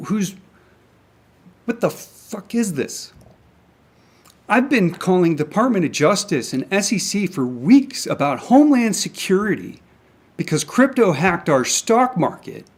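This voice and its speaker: A young man angrily ranting to camera about markets, swearing often and stumbling over restarts. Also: high-pitched. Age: young adult. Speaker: independent crypto commentator. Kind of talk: angry solo rant to camera. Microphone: camera mic.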